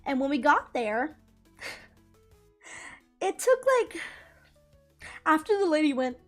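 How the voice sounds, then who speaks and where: A young woman casually telling a story from her life, animated, laughing often and swearing freely. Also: high-pitched, slow, faint music behind. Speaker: gaming channel creator.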